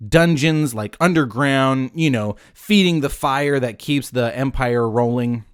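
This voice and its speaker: A man with a medium-pitched, clear and resonant voice speaks a little slowly in a dry, studio-quality recording. Hosting a podcast, he retells a Bible story casually and jokingly, acting out voices and breaking off into asides. His manner is animated and jokey, and he keeps interrupting himself.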